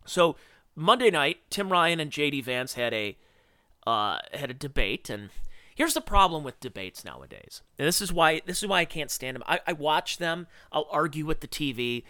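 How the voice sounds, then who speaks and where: A man hosting a podcast, giving sarcastic, opinionated political commentary in an animated rant. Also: on the high side, no room sound, clean studio sound. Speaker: podcast host.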